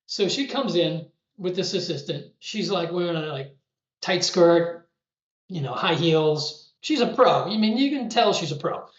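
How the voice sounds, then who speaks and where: A man's voice: fairly high pitch, lively intonation, a little slow. A middle-aged man tells a casual story in a chatty way, laughing to himself and restarting his sentences. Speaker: storyteller recounting trading days. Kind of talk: casual spoken anecdote. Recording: roomy, muffled recording.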